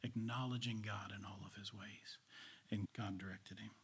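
A male preacher delivering a sermon, storytelling with swings between loud and whispered delivery. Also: on the low side, steady tone, normal speed, husky.

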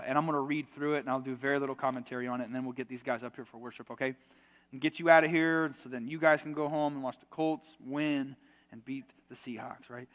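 A man's voice: fairly high pitch, a bit bright. A young adult man preaching a sermon to a congregation, conversational and emphatic, full of rhetorical questions. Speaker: pastor. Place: church sanctuary. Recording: long reverb of a church hall.

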